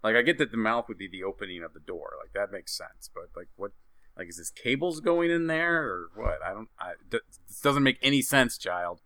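A man's voice: on the low side, expressive, a little fast, bright, forceful tone, no room sound. A man in casual podcast banter, wryly picking apart a joke. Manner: wry, picks jokes apart. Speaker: podcast co-host. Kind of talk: casual comedic chat.

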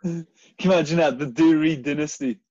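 A man's voice: on the high side, steady tone, fairly quick, a little mellow, no echo. A man, co-hosting a podcast in casual chat, laughing often and talking animatedly. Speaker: podcast co-host. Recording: dry, muffled lo-fi audio.

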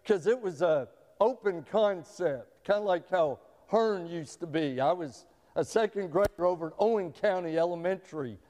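Folksy pastor in a reverberant hall. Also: male voice, high-pitched, normal speed, dark tone. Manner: folksy storytelling, often repeating words. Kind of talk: sermon. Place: church sanctuary. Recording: long reverb of a large hall.

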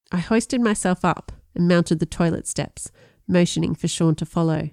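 A woman narrating a first-person audiobook in a measured storytelling way, with lively voiced dialogue. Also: fairly low pitch, vocal fry, no echo, clean studio sound.

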